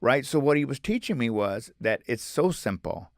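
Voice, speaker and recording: Podcast guest: middle-aged man, low gravelly voice, emphatic storyteller, dry close sound. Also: very animated, normal speed, no room sound. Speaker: guest author. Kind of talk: conversational podcast interview.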